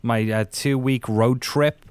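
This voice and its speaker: A man's voice: mid-range voice, steady tone, slow pace, darkish tone, clean tone, no room sound. A man co-hosting a casual podcast, rambling with lots of fillers and restarts. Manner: rambling, many fillers and restarts, laughs mid-sentence. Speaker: podcast co-host.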